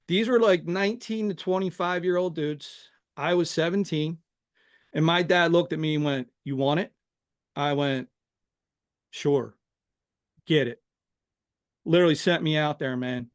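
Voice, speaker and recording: A middle-aged man from Philadelphia, a podcast guest telling stories from his youth in a lively, casual way and tacking "man" onto most sentences. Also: fairly high pitch, clean tone. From Philadelphia, USA. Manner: animated, says "man" constantly. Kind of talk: casual storytelling interview.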